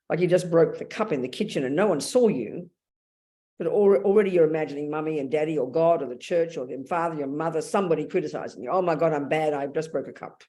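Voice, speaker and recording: A woman's voice: low-pitched, dark tone. A woman with an Australian accent giving a blunt, emphatic dharma talk as a Buddhist nun, calling her listeners darling.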